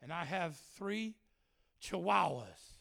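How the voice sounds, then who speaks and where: A man's voice: high-pitched, lively intonation, slow pace, creaky, bright, forceful tone, voice pushed down, full character voice. Scornful defiant woman, as a preacher puts her on.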